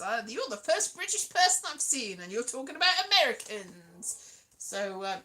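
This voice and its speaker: A woman's voice: a little high, lively intonation, moderate pace. A woman from Wales chatting casually with her livestream viewers, rambling and playful, breaking into sing-song now and then. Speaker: streamer. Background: loud piano music.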